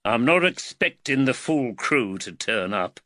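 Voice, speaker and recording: A man's voice: medium pitch, measured pace, no echo, studio quality. Man voicing a stern, commanding father. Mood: steady, fatherly. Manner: calm, commanding, dryly wry. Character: stern protective father, middle-aged man.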